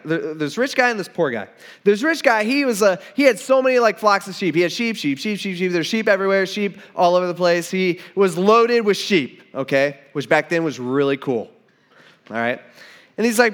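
High-voiced man preaching casually. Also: a bit bright. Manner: conversational, acts out dialogue, many restarts. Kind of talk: casual sermon storytelling.

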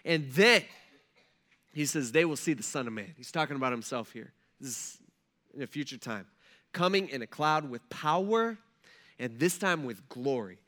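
A man preaching a sermon in a casual, animated way, swinging between soft asides and loud emphasis, often checking in with "right?". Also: on the high side. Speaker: pastor.

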